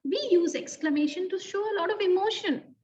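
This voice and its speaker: A woman teaching an online lesson to young children, in an animated, sing-song teacher voice that slows to stress key words. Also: extremely high pitch. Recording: distant, dull lo-fi sound.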